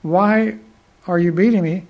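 A man's voice: high voice, unhurried, darkish tone. A male preacher voicing a plaintive female donkey that speaks to her master in a Bible story. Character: Balaam's talking female donkey, plaintive and reproachful.

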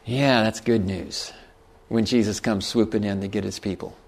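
A man's voice: lowish voice, steady tone, moderate pace, creaky, a little mellow. A man preaching a sermon, reading scripture aloud and explaining it in a folksy way with chuckles.

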